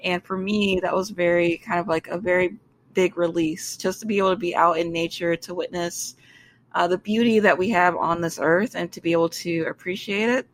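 A woman's voice: lowish voice, steady tone, normal speed, a little hiss or hum. A woman who works as a doctor, co-hosting a podcast and talking earnestly about making time for herself. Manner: reflective, earnest advice. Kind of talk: casual chat.

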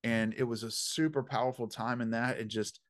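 A man telling a story as an interview guest, animated and emphatic, with punchy slang and preacherly phrasing. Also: medium pitch, a little fast. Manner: preacherly, faith-filled phrasing. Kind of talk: conversational storytelling.

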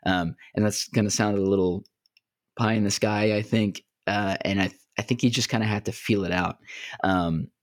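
A man's voice: fairly low pitch, vocal fry, no echo, clean studio sound. A man co-hosting a podcast, talking earnestly and reflectively with many fillers. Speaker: podcast co-host. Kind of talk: casual discussion.

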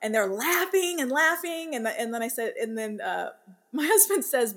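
A woman in her thirties, a working mother and podcast guest, telling family stories in a lively way and laughing as she talks. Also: on the high side, fairly quick. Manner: animated storyteller, laughs while talking. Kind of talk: casual interview chat.

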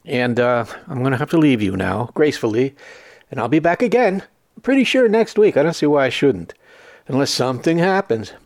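A man's voice: medium pitch, sing-song, fairly quick, dry recording. A man hosting his own show, closing it with a rambling, hesitant sign-off full of fillers. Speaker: show host. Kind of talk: casual sign-off monologue.

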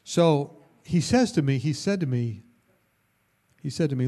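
A male pastor telling a story in a sermon, animated and lively, with bursts of loudness and laughter. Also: a little high, unhurried, long pauses.

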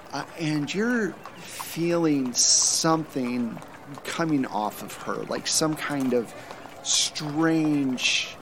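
A man narrating as game master in a tabletop game, in a loose, relaxed way. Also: medium pitch, noisy background.

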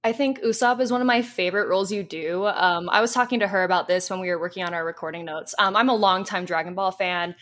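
A woman's voice: mid-range voice, fast, hardly any pauses, fairly bright tone. A young woman co-hosting a podcast, chatting casually and gushing as an eager fan. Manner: enthusiastic, rambling fan talk. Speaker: podcast co-host.

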